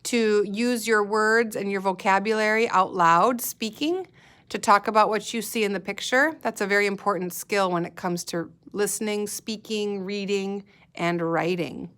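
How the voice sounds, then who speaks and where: A woman's voice: mid-range voice, normal speed, a bit bright. A woman teacher leading a guided reading lesson for young children, patiently sounding out letters and words. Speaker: elementary school teacher.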